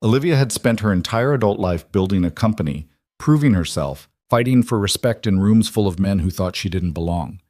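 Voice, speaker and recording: A man narrating a family drama story in a steady, unhurried scripted read. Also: fairly low pitch, no room sound, clean studio sound.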